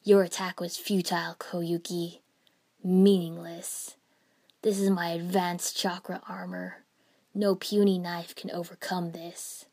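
A woman's voice: flat delivery, slow, a little mellow. A woman voicing a smug, cruel male warlord. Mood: gloating. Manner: smug, disapproving, low-voiced.

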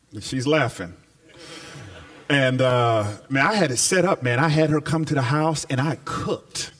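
A man preaching a sermon as pastor to a live congregation in a church, stressing key phrases with slow repetition. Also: medium pitch, fairly bright tone, far from the mic.

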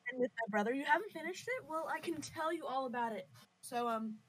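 A woman's voice: sits high, animated, fairly quick, poor audio. A teenage girl chatting casually on a school club podcast, playful and teasing, giggling easily. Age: teens. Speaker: anime club member.

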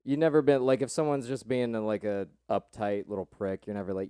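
A man's voice: lowish voice, little pitch movement, a little fast, hardly any pauses, warm tone, clean tone, no echo, studio quality. A man guesting on a comedy podcast, bantering casually with crude, blunt jokes.

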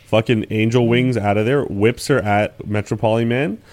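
A man's voice: medium pitch, steady tone, normal speed, a little mellow. Profane, jokey man in casual chat. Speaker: podcast co-host. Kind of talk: casual anime discussion.

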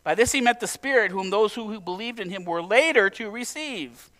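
A pastor with a notably high voice for a man, preaching in a relaxed, talky way. He jokes now and then and puts questions straight to the congregation. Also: fairly quick. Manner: conversational, humorous preaching with direct questions to the congregation. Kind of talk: sermon.

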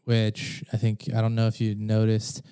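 Man, podcast host, mellow voice, dry close sound, loose and profane. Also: on the low side, monotone, normal speed, clear, resonant tone, no echo. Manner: casual, swears freely, laughs often. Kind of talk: casual conversation.

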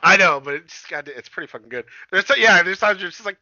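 A young man co-hosting a casual podcast, swearing freely and laughing through animated, crude stories. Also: high voice, brisk, no echo, lo-fi sound.

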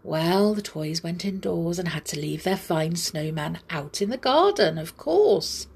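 A woman's voice: fairly low pitch, expressive, measured pace, vocal fry, darkish tone, husky. A woman reading a children's story aloud, a mother, adding chatty hesitant asides afterwards. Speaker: storyteller, parent.

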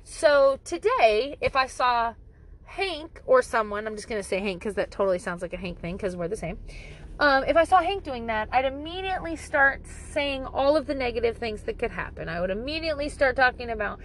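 A woman's voice: on the high side, expressive, brisk, fairly bright tone, low-quality recording. A woman talking casually to camera with parenting advice, blunt and profane, joking and exaggerating as she goes.

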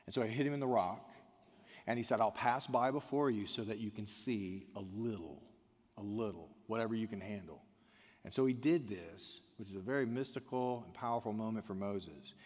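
A man preaching a sermon, swinging from quiet, intimate passages to loud, shouted emphasis. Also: fairly low pitch, moderate pace. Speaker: pastor. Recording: long hall reverb.

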